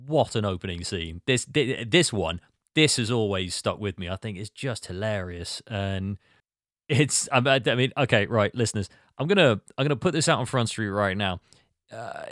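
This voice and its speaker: A man hosting a casual podcast chat about a film, talking in an animated, rambling way. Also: mid-range voice, no echo, studio quality. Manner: animated, rambling, acts out quotes. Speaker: podcast host.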